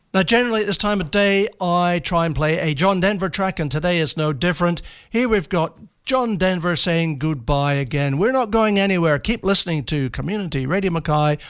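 An Australian man hosts a lunchtime community radio show, talking in a relaxed, chatty way. His voice sits a little high, and he reads out notices with casual asides. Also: moderate pace, clean tone. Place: radio studio.

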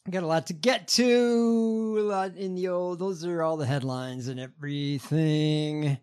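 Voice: mid-range voice, a little slow, darkish tone, clear, resonant tone. A podcast host reading news headlines aloud, with many hesitations and fillers.

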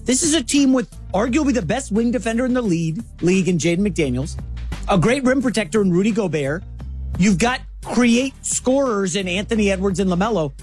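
A woman co-hosts a sports talk show and moves through segments in a chatty, lively manner. Her pitch moves around a lot, and faint music plays under her. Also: a little fast. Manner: conversational, lively, frequent restarts.

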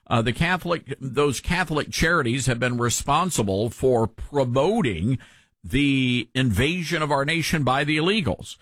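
A man's voice: mid-range voice, fairly bright tone, no room sound. A man hosting an opinion commentary show, indignant and preacherly, quoting scripture.

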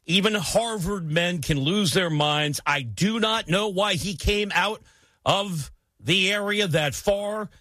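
American sports radio guy, bright slightly high voice, punchy opinionated takes, dry close mic. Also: slow, dry recording. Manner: emphatic, opinionated, animated delivery. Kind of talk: sports talk commentary.

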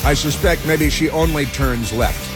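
A man hosting a talk radio show, telling a story in a sarcastic, deadpan way. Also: fairly high pitch, normal speed, over music. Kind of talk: casual talk radio monologue.

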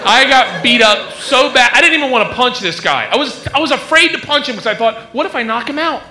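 A male stand-up comedian telling an animated story about his first fight and acting out the moments. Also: very high voice, a little fast.

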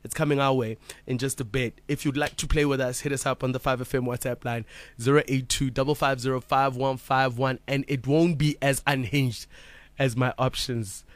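A man's voice: medium pitch, fairly even intonation, normal speed. A man hosting a radio show, teasing his co-hosts and laughing often. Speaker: radio host. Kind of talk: casual radio banter. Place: radio studio.

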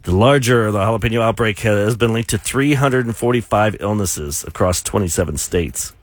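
A man's voice: fairly low pitch, moderate pace, dry recording. Male radio host, mid-range voice, dry booth sound, playful teasing. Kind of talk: casual radio chat and news reading.

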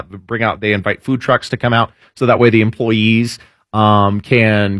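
A man's voice: mid-range voice, a bit bright, dry recording, clean studio sound. A man hosting opinionated political news commentary, sarcastic and full of hesitant fillers.

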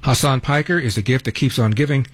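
A man's voice: medium pitch, quick pace, slightly rough. A man hosting a talk radio show from a studio, delivering an emphatic opinion monologue with sarcastic asides.

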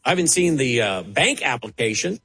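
A man's voice: mid-range voice, big pitch swings, a little fast, bright, forceful tone, husky, rough recording. A man preaching a televised sermon with impassioned delivery and dramatic rises and drops in his voice.

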